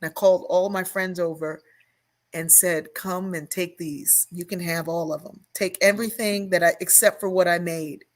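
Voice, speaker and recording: A woman's voice: on the low side, steady tone, normal speed. An older woman, a guest on an interview show, telling a personal story at length and acting out the voices she remembers. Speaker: guest, sociologist and author.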